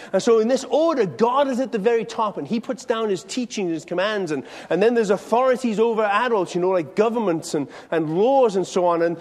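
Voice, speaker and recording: A man's voice: high voice, a little mellow. A middle-aged man giving a sermon as pastor, speaking conversationally and putting questions straight to his listeners. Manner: conversational, questions the audience directly. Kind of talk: sermon to a congregation. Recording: long hall reverb.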